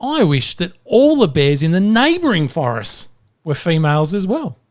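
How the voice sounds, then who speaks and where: A greedy, blustering bear, as a man acts him out, loud and lively. He sounds pleased with himself. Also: high-pitched, normal speed. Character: greedy boastful male bear.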